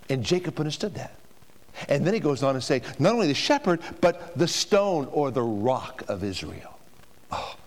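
A man preaching to a congregation with a voice set a little high for a man. His pitch sweeps widely from high peaks to low, hushed lines as he presses his points home with emphatic rhetorical questions. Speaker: pastor. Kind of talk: sermon. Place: church before a congregation.

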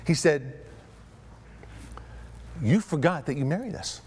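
A man's voice: fairly high pitch, expressive, takes it slowly, a little mellow, husky. A middle-aged man, a pastor, telling a story in a sermon, acting out both sides of a phone call and stammering when he gets worked up.

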